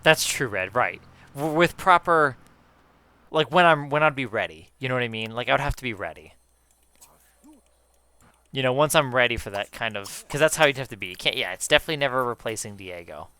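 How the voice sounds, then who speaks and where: A man in casual chat with viewers while gaming, excitable, swearing often and calling his viewers guys. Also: mid-range voice, a little fast, clean tone, dry recording. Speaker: gaming YouTuber.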